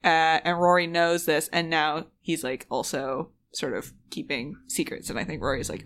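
A woman's voice: sits low, steady tone, normal speed, hardly any pauses, a bit bright, slight background noise. A woman playing a tabletop role-playing game, talking hesitantly with many fillers. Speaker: player. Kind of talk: tabletop role-play chat.

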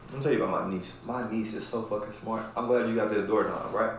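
A man hosting a podcast, telling stories in casual chat in a profane, animated way and often asking "right?". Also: on the low side, quick pace, slight background noise. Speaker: podcast host. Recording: very echoey room.

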